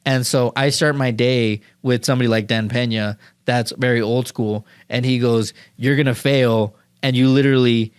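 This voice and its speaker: A man talking as a podcast guest in a rambling, slangy way, full of "like" and "dude", telling animated stories. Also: medium pitch, normal speed, few pauses, smooth, no room sound, clean studio sound. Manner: animated storytelling. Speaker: podcast guest, marketing and sales speaker. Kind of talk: casual podcast conversation.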